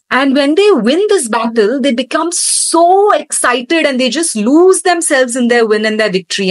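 A woman instructor retelling a scripture story in an animated storytelling manner during a lesson. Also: fairly high pitch, no room sound, low-quality recording.

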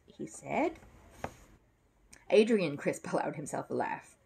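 A woman in her fifties reads a children's story aloud in a slightly husky voice. Her pitch moves in a lively way, and she corrects small slips as she goes. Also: takes it slowly, long pauses. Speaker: children's book reader.

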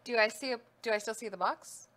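A woman's voice: a little high, fast, a bit bright. Inquisitive woman player. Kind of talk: casual tabletop play.

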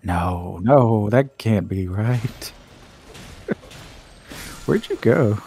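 Gravelly man teasing over a game. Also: lowish voice, lively intonation, drawn-out words, warm tone. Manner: playful, teasing. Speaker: co-op gamer on stream. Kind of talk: casual gaming banter.

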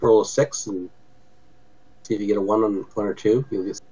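A man with a fairly low voice runs a tabletop game as its game master. He narrates in an easygoing way and works out the rules out loud as he goes. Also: steady tone, a little fast, slightly rough, highs cut off. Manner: easygoing, thinks aloud while narrating.

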